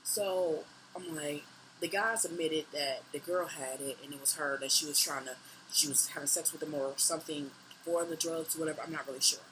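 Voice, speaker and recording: Young woman, bright and punchy, profane storytime vlogger, faint hiss. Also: sits low, moderate pace, few pauses, poor audio. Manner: animated, profane retelling that acts out her own lines. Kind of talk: storytime monologue.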